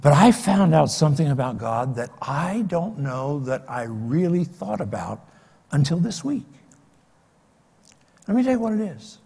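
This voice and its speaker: An older man preaches a sermon in a high voice, turning dramatic as he swings from loud cries to near-whispers. His voice rings out with the long reverb of a big church hall. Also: very animated, measured pace, gravelly, breathy edge. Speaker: pastor. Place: church sanctuary.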